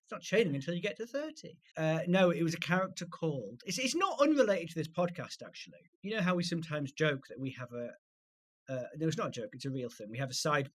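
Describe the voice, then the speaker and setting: A man co-hosting a comedy podcast, telling stories quickly in casual chat and laughing often. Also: fairly high pitch, big pitch swings, a bit bright, slight background noise. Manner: quick anecdotal storytelling with frequent laughs.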